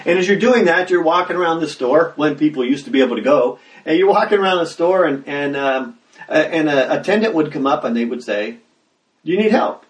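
A man preaching a sermon as pastor, talking conversationally and breaking into loud acted exclamations. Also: on the high side, fairly quick. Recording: roomy sound, mic at a distance.

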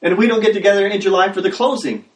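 A man preaching a sermon as pastor, talking conversationally and breaking into loud acted exclamations. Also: high voice, racing. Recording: roomy sound, mic at a distance.

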